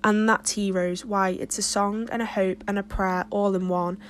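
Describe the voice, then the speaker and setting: A woman's voice: mid-range voice, little pitch movement, moderate pace, a little hiss or hum, close to an everyday voice. A woman reading an earnest, wordy teenage girl. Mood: joyful. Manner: impassioned, wordy.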